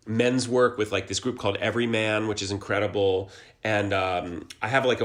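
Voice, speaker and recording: A man in his forties from Columbus, Ohio, an actor and musician, speaks as a guest in a casual conversational interview. He is earnest and reflective, often restarting his sentences, and his voice is lowish with a fairly bright tone.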